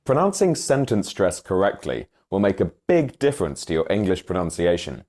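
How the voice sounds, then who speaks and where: A man presenting a scripted English pronunciation lesson in a clear, instructive way. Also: low voice, sing-song, normal speed, a little mellow. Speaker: online English teacher.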